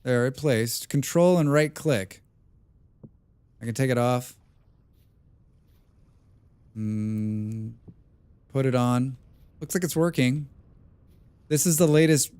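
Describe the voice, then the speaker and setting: A loud, excitable man streaming a survival game and chatting with his viewers. His voice is smooth and clear at an ordinary pitch, recorded close and dry with no room sound. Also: a little slow, long pauses, no echo. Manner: loud and excitable, calls himself a passionate speaker.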